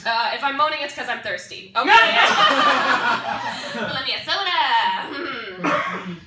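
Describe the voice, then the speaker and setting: A woman's voice: fairly high pitch, animated, takes it slowly, reverberant, far from the mic, very noisy. A woman doing a stand-up set, brash and laughing at her own jokes. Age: 20s. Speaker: stand-up comedian. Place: comedy club stage. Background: audience laughter.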